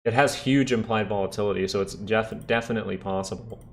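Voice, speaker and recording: Chatty man with a lowish voice, live market talk. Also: quick pace. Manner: chatty, answers live chat, talks through charts. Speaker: stock market livestream host. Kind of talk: casual live-stream market commentary.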